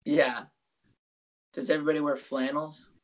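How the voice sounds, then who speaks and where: A man's voice: a little high, flat delivery, moderate pace, lo-fi sound. A man co-hosting a casual podcast over a video call, rambling and joking with his friend with plenty of swearing. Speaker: podcast co-host. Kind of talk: casual banter.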